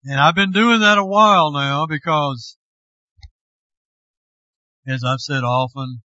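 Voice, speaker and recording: A man, a pastor, preaching a sermon slowly and with deliberate emphasis. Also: a little high, sharp tone, no room sound, muffled recording.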